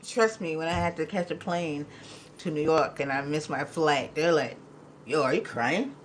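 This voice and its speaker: A woman hosting a live podcast in casual chat, emotional and quick to laugh, talking in a loose, rambling way. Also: deep voice, fairly even intonation, a little hiss or hum, low-quality recording. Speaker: podcast host.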